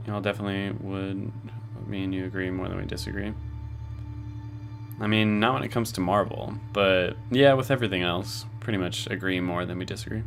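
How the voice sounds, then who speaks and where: A man's voice: sits low, creaky, a bit bright, slight background noise. A man streaming from home, casually chatting with his viewers in a laid-back way and swearing now and then. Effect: robotic voice filter. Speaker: streamer reading chat. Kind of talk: casual live-stream chat.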